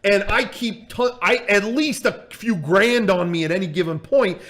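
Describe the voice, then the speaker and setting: A drunk boxing promoter, as a man puts him on, rants in a strained voice pitched well above normal talk. He is loud, furious and swears nonstop. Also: animated, slow. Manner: swearing, ranting loudly.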